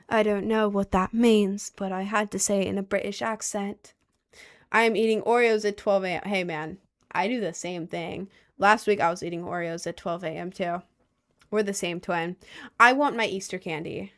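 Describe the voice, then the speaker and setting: A young woman streamer from Maryland talks casually to her live chat. She has a mid-range voice and gushes excitedly, with lots of rambling "like"s as she reads comments aloud. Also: medium pitch, normal speed. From Maryland, United States.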